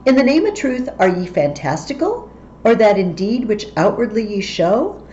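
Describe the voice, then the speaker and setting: A woman's voice: medium pitch, big pitch swings, normal speed, dark tone, a little hiss or hum, voice pushed up, close to an everyday voice. A woman voicing a wary male nobleman and soldier who declaims searching questions, from a slightly dull recording. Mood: wondering.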